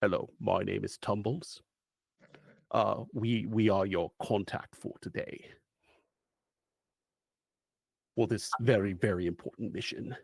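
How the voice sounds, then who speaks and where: A man's voice: lowish voice, steady tone, normal speed, gravelly, darkish tone, breathy edge, no echo, pitched below the performer's own voice. A man voicing a small, serious red panda who gives a formal mission briefing in a grave, stiff manner.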